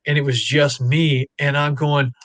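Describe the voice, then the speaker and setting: A man telling a personal story in a casual chat, rambling and animated, with many fillers. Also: a little high, unhurried, no echo. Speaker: podcast guest dad. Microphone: live stream call.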